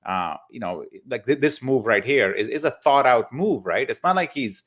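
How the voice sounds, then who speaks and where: A man hosting a live basketball show, giving casual analysis in a halting way, often repeating words as he thinks. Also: mid-range voice, lively intonation, a bit bright. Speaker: basketball podcast host.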